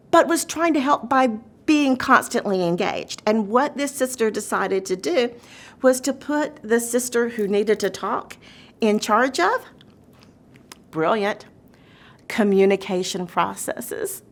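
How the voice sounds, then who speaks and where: A woman presenting an educational webinar session on caregiving, speaking earnestly and varying her pace as she explains. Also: a little high. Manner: earnest, shifts pace often, acts out quoted voices. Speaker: dementia training presenter.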